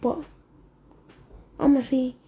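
A woman's voice: slow pace, dark tone, slight background noise. A woman improvising a fan-fiction retelling, rambling and stumbling over words, with frequent whispered asides. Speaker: storyteller.

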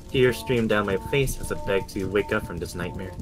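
Lower-voiced man reading horror over music. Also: moderate pace, hardly any pauses. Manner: dramatic, acting out fear and desperation. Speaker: storyteller. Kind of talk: first-person horror story reading.

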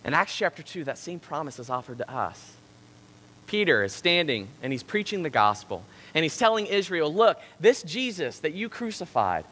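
A high, lively male preacher delivers a sermon with emphatic stress, his voice bright and ringing. The sound carries a long reverb from the church hall around him. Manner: emphatic, rising and falling for stress. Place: church sanctuary.

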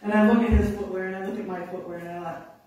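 A woman, a conservation officer, telling lively stories to an audience and acting out the quotes. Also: medium pitch, quick pace. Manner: animated, laughing, acts out quotes. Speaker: conservation officer giving a talk. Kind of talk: storytelling to an audience. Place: indoor talk venue. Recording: very echoey room from a distant mic.

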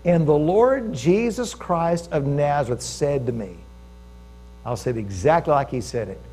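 An American man preaching a sermon as pastor, telling a story with lively calls to his congregation. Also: fairly high pitch, measured pace, a little hiss or hum.

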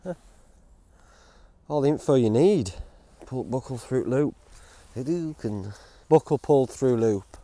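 Grumbling man, mellow voice. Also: mid-range voice, a little slow, long pauses, no echo. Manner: grumbling, rambling and self-mocking. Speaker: outdoor gear reviewer. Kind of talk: casual vlog chat. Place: outdoors in woods.

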